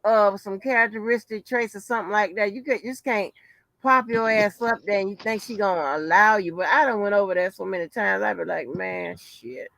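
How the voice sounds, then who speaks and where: A woman hosting a casual chat who is outspoken, expressive and laughs often. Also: medium pitch, fairly quick, dry recording. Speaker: host.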